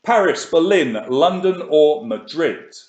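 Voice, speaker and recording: Male quiz host, chatty and upbeat, slightly higher voice, echoey room. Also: expressive, slow, darkish tone, dull audio. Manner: chatty, reads questions and options twice. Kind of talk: live online quiz hosting.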